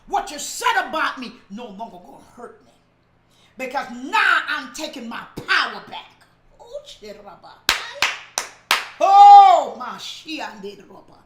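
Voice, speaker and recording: Woman pastor, high voice, echoey room, repeats lines for emphasis and shouts the key points. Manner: preaching with emphatic repetition. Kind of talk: sermon.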